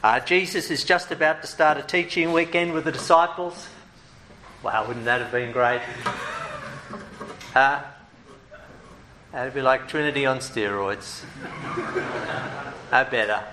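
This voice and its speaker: A man preaching a sermon in a lively, humorous way, with playful asides. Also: mid-range voice, unhurried, long pauses, echoey room, background noise.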